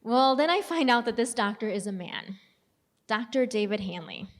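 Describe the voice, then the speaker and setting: A woman's voice: fairly high pitch, lively intonation, normal speed. A young adult woman giving an earnest personal faith testimony in a conversational storytelling manner. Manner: earnest, conversational, reenacts dialogue. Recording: long hall reverb.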